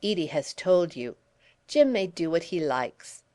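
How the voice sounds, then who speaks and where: A woman's voice: on the low side, big pitch swings, a little slow, dark tone. A woman doing a mocking nobleman. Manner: grandly polite, teasing, exclaiming. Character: theatrical French nobleman, mocking and flamboyant. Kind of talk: audiobook character voice.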